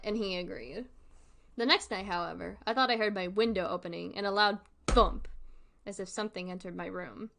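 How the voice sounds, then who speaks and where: A young woman with a fairly bright, medium-pitched voice reads creepypastas aloud and reacts to them. She adds comic commentary, swears a lot, and keeps breaking into laughter.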